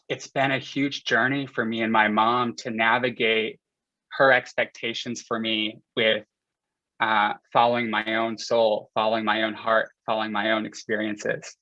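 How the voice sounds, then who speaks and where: A man's voice: mid-range voice, pushed and bright, no echo. A young man sharing a personal story with a community group in a candid, confessional way, speaking loosely with lots of "like" and "you know", over a video call. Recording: dull lo-fi audio.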